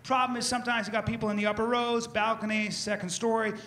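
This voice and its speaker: A man's voice: high voice, little pitch movement, fast, pushed and bright. A man doing a stand-up comedy set on stage, brash and mock-instructional, acting out his bits for a laughing audience. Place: stage before a live audience. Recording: roomy live venue with crowd noise.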